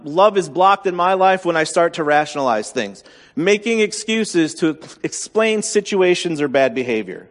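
A man's voice: a little high, long reverb tail. A man preaching a sermon as pastor, candid and self-deprecating in a conversational way.

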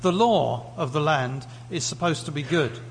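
A man's voice: on the high side, normal speed. British man preaching in an echoey hall. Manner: conversational, asks questions of the congregation. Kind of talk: sermon. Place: church hall. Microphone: lectern mic. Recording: echoey hall, faint hum.

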